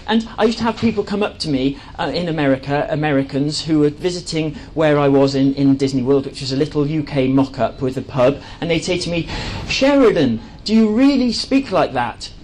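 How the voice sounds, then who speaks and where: A man's voice: fairly high pitch, fairly quick, hardly any pauses, darkish tone, a little hiss or hum, rough recording. Chatty man giving a talk. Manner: enthusiastic, chatty, with frequent fillers and restarts. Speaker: speaker at a live talk. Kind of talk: presentation to an audience.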